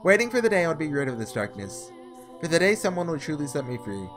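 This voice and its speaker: A silky female witch coaxing from behind walls, as a man puts her on, higher and hushed, soft honeyed lines dropping low at the ends. the pitch swoops around a lot with a faint bed of music under it. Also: sing-song, quick pace. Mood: yearning. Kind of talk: reading a visual novel aloud.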